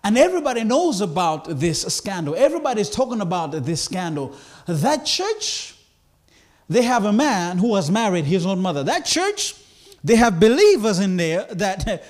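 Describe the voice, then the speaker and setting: A man preaching a sermon, slow and emphatic, building repeated phrases to a climax. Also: high-pitched. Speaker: pastor.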